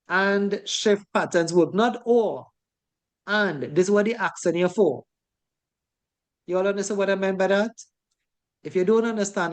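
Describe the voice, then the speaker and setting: A woman's voice: fairly low pitch, a little mellow. Chatty Caribbean woman teaching a class. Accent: Caribbean English. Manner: chatty, tags sentences with "right?". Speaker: safety course instructor. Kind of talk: classroom lecture.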